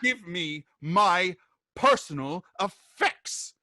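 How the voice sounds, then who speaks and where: A man voicing a bossy, furious noblewoman who shouts her demands in a tabletop game. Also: on the high side, a little slow, dry recording, studio quality.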